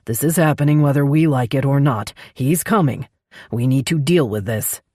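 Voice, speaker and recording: A woman's voice: extremely low pitch, moderate pace, dark tone, no room sound, studio quality. A woman reading the lines of a protective male vampire king who talks in a growling, commanding way. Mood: urgent.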